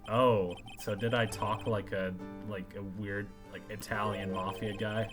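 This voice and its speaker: A man's voice: lowish voice, little pitch movement, a little slow, few pauses, a bit bright. Brief: man, offhand jokey let's-play asides, game music underneath. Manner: joking asides, trailing off. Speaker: game streamer. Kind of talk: casual let's-play commentary.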